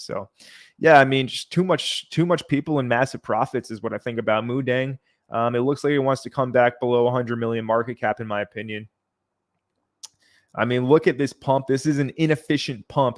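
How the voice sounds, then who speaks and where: A man hosting a livestream, reading out viewer comments and answering them in a relaxed, chatty way. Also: medium pitch. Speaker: livestream host.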